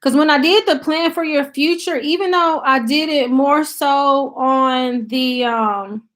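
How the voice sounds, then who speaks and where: A woman's voice: high-pitched, measured pace, fairly bright tone. A woman with an American country accent hosting her channel's live stream, chatting casually and reading out viewer comments with many fillers. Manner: chatty and loose, thinks aloud with many fillers. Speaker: YouTube channel host.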